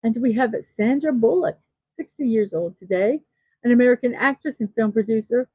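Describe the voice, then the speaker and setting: A woman's voice: fairly high pitch, moderate pace, husky, dry recording, lo-fi sound. A woman hosting a daily morning show, chatting casually and reading off birthday lists with self-deprecating asides. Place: East Coast of the United States.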